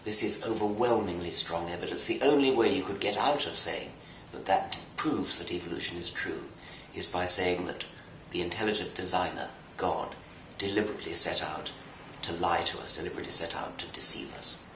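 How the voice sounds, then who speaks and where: Older british guy explaining science carefully, lowish voice, roomy echo, faint hiss. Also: a bit bright. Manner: measured, precise explainer who restarts phrases. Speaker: interviewee. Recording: echoey room, voice from the mic, faint noise.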